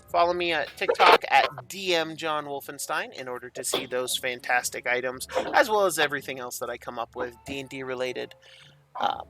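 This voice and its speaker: A man's voice: medium pitch, vocal fry. A man running a tabletop game as game master, enthusiastic and rambling as he introduces the players.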